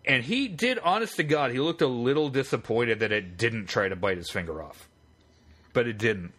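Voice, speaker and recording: Bright-voiced man telling a rambling story. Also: mid-range voice, moderate pace. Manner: rambling, profane, animated storyteller. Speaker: podcast co-host. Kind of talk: casual storytelling.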